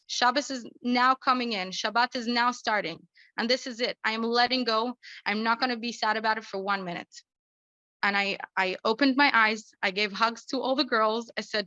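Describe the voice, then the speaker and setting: A woman's voice: a little high, bright, forceful tone, dry recording, muffled recording. A woman speaker telling a heartfelt personal story at a community talk, in an earnest, flowing way.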